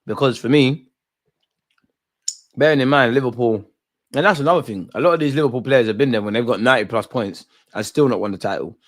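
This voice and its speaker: A man's voice: medium pitch, a little fast. A young man hosting a live football watch-along, talking in rambling, opinionated banter. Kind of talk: casual live match commentary.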